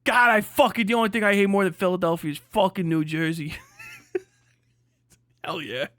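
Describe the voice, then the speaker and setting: A man's voice: high voice, fairly even intonation, normal speed, a bit bright, no echo, clean studio sound. A young man hosting a livestream, ranting crudely and sarcastically, laughing often and answering chat. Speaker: livestream host. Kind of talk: profane ranting stream chat.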